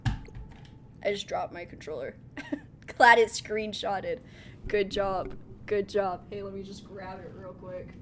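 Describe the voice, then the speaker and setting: A woman's voice: medium pitch, slow, long pauses, a bit bright, a little hiss or hum. Giggly, playful woman streamer. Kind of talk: casual gaming commentary.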